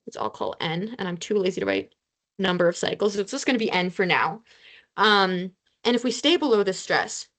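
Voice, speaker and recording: A young woman tutoring a review session over a video call, casual and self-deprecating as she explains formulas. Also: medium pitch. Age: young adult. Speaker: student tutor. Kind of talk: online review lesson.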